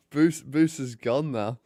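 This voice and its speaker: A man's voice: fairly high pitch, dark tone, no room sound, studio quality. A young man chatting and joking casually while hosting a live hockey watch party. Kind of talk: casual live commentary and chat.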